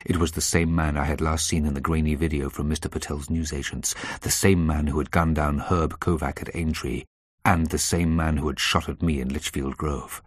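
A man narrating a story in a measured, tense way. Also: extremely low pitch, little pitch movement, no echo, studio quality. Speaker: audiobook narrator. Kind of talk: scripted narration.

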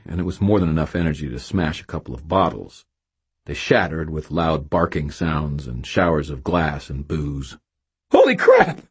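A man's voice: a bass voice, husky. A man narrating a first-person novel with a wry, self-mocking storytelling manner. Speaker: audiobook narrator.

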